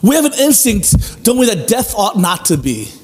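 A man's voice: sits high, sing-song, normal speed, a little mellow. A male pastor preaching a sermon, earnest and emphatic, repeating key phrases and asking rhetorical questions. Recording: long hall reverb with faint music.

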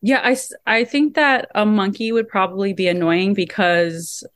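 Female guest, casual chat, easygoing and giggly, mid pitch. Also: fairly even intonation, normal speed, dry recording, studio quality.

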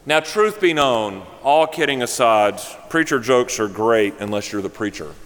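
A man's voice: medium pitch, lively intonation, normal speed, a bit bright, a little hiss or hum. A male pastor delivering a sermon, telling a joke story and then speaking earnestly. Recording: long hall reverb.

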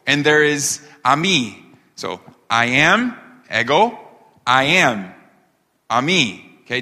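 A man preaching a sermon as pastor, emphatic, asking rhetorical questions and slowing down on key phrases. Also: mid-range voice, sharp tone. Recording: long hall reverb.

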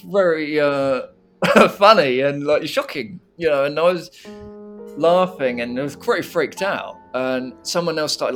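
A man recalling an old music workshop in casual, rambling talk, swearing freely and breaking into laughs. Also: mid-range voice. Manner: rambling, swearing, laughing, animated when retelling. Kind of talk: casual conversational storytelling.

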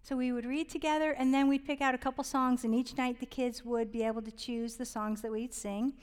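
A woman with a fairly high voice speaks earnestly and warmly about raising children in faith, rambling with fillers and restarts. She now and then sinks to a soft whisper, and her voice trails into a long hall reverb. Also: flat delivery, fairly quick, clean tone. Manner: earnest and heartfelt, drops to a whisper on tender points. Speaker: Christian parenting speaker. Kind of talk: casual devotional talk on parenting.

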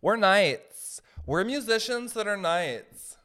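A man playing a band of pompous musician knights, showing off and needling each other. The voice is pushed up into a higher, sing-song register, with big, lively swings. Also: takes it slowly, clean tone, heavily acted. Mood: smug. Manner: smug, showy bragging. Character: boastful, bickering male musician knights.

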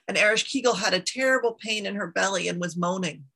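A woman telling an old myth aloud, unhurried, dropping casual asides to her listeners. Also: medium pitch, sharp tone, breathy edge, rough recording. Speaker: storyteller.

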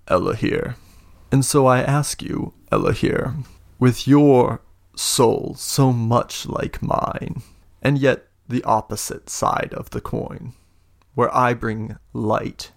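A man voicing a big, scheming older lord with one good eye who speaks in slow, grandiose speeches and laughs deep and booming. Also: creaky, no echo, studio quality. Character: imposing older male lord, scheming, one-eyed mentor. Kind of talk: tabletop role-play narration.

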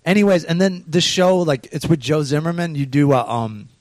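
On a podcast, a stand-up comedian tells casual stories about his gigs, swearing a lot and animatedly acting out the voices of people he quotes. His voice is on the high side at a moderate pace, in a dry recording.

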